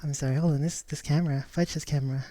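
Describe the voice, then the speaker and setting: A woman's voice: low voice, steady tone, fast talker, warm tone. A woman chatting casually on her live stream, rambling and giggling, often restarting her sentences.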